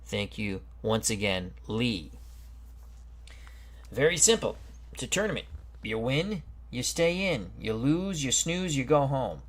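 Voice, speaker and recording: A man hosting a football strategy game stream, reading out team rosters and greeting viewers in a chatty, unhurried way. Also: mid-range voice, big pitch swings. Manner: slow, chatty, greets viewers and stumbles over names. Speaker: host. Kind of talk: casual game commentary.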